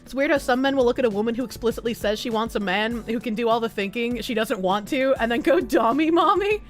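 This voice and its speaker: A woman streamer chatting casually and reading chat aloud, giggly and animated, with a slightly rough throat. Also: a little high, fast talker, faint music behind.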